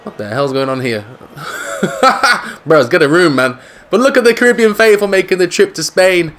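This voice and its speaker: A man with a fairly high voice talks casually over his football video game. He is jokey and excitable, and he yells when a chance or a goal comes along. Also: moderate pace, a little hiss or hum. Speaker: gaming YouTuber. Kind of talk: casual gameplay commentary.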